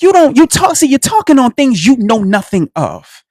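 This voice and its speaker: An impassioned radio host preaches through a solo commentary, calling the listeners family and hammering each point home by repeating it. The pitch swings up and down constantly as the talk rises and falls. The recording is close and dry. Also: sing-song, normal speed, a little mellow, no echo. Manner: repeats phrases for emphasis, asks rhetorical questions.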